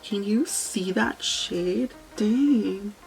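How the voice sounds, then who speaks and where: A woman's voice: mid-range voice, extremely slow, creaky, darkish tone, faint music behind, rough recording. A young woman chatting casually through a makeup tutorial, telling a story and swearing freely. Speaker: beauty vlogger.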